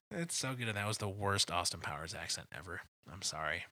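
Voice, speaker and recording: Guy chatting about a movie, lowish bright voice, laughs a lot, dry close mic. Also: no echo. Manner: laughs often, acts out movie quotes in high silly voices. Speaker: podcast co-host. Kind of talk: casual movie chat.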